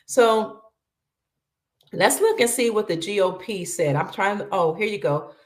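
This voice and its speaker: A woman's voice: medium pitch, lively intonation, a little slow, reverberant. A middle-aged woman hosting casual news commentary, chatty, addressing her viewers as family and reading lists aloud. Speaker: host.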